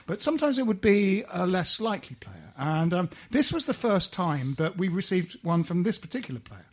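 A man co-hosting a football podcast, talking in a dry, deadpan way with many hesitations. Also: high-pitched, normal speed, breathy edge. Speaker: podcast co-host. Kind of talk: casual chat.

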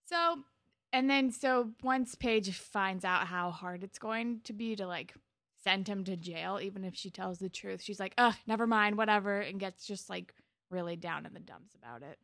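A young woman co-hosting a casual recap chat, chatty and quick to laugh. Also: mid-range voice, vocal fry, fairly bright tone, dry recording. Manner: chatty, laughs often, lots of fillers. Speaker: podcast co-host.

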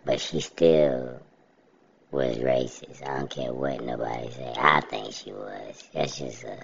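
Gravelly, very deep-voiced man. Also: measured pace, a bit bright, dull audio. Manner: blunt, colloquial, laughing asides. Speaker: podcast host. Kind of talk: casual storytelling monologue.

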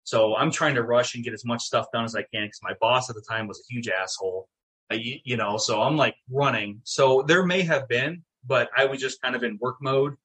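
A middle-aged man telling a story in casual chat, animated and swearing, acting out what people said. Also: medium pitch, fairly quick, breathy edge. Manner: animated, swearing, acts out quotes. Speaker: guest, town mayor.

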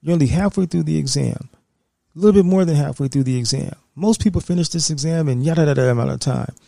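A man's voice: a little high, fast, vocal fry, mellow, no room sound, studio quality. A stern, scolding army recruiter, put on by a male storyteller. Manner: lecturing, insistent.

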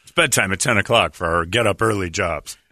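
A man's voice: sits low, a little fast, bright, forceful tone, no echo, studio quality. A man, a show host, delivering a sarcastic comedic rant and mockingly mimicking other people in exaggerated voices.

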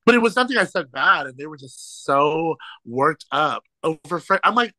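Bright, lively storytelling man. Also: fairly high pitch, normal speed, no echo, poor audio. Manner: animated, laughs through stories, quotes people in lively voices. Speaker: podcast guest, drag show host. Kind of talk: casual storytelling chat.

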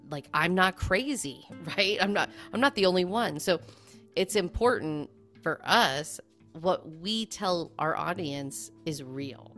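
A woman's voice: on the low side, a bit bright. A woman co-hosting a podcast, talking in a thoughtful, conversational way. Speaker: podcast co-host. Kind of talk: casual chat.

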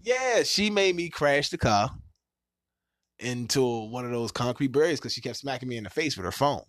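A man hosts his podcast and tells stories in loose, profane talk. His voice sits at a middle pitch but swings widely as he acts out what others said. The sound is dry and close to the mic. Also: normal speed, no room sound. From Washington, D.C. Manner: animated, profane, acts out quotes with big pitch jumps. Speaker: podcast host. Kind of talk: casual storytelling chat.

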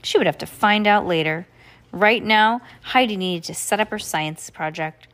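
A woman's voice: medium pitch, moderate pace, fairly bright tone. A woman reading a children's book aloud, with occasional slips and restarts. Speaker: reader.

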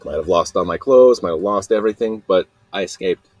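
A man's voice: sits low, a little fast, darkish tone, no echo. A young man from Utah rambling through a solo podcast monologue, self-mocking and trailing off mid-sentence. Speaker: podcast host.

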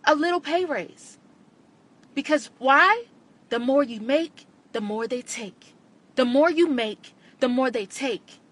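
A woman's voice: sits high, animated, slow pace, a bit bright. A woman podcast host, giving an impassioned monologue and repeating lines for emphasis.

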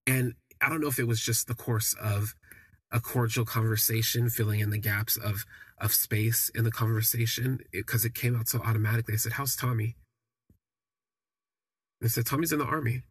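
A young man telling a personal story on a podcast, reflective and halting with frequent restarts. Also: medium pitch, little pitch movement, breathy edge, no room sound.

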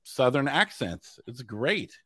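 A male host in casual chat, relaxed and prodding his guests to perform. His voice sits mid-pitch. The recording is dry and close with no room sound. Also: slow, dry recording. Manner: relaxed, prompting.

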